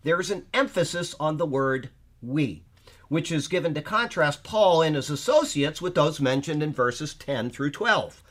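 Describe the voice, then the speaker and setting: A man with a somewhat high voice teaches an informal Bible study. He explains points at length and thinks aloud with fillers as he goes. He keeps checking in with his listeners to make sure they follow. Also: animated, normal speed, a bit bright. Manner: checks in with listeners, often asking "okay?".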